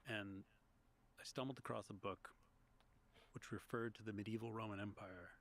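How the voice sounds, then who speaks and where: A man speaking low-voiced podcaster from Long Island. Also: steady tone, moderate pace, vocal fry, fairly bright tone. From Long Island, United States. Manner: storytelling, reflective, with small restarts. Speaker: guest, history podcaster and author. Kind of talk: conversational interview.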